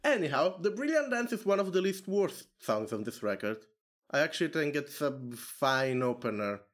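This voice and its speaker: A man's voice: a little high, expressive, moderate pace. A man co-hosting a casual music podcast, rambling with many "like"s and restarts. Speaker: podcast co-host. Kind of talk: casual chat.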